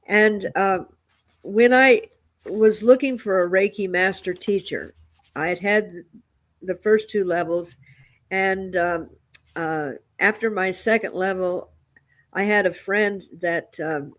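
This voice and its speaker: A woman co-host of a spiritual chat show tells a personal story in a reflective, unhurried way. She circles back and restarts her sentences as she goes. Her talk is casual and sincere. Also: medium pitch. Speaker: co-host and Reiki master teacher.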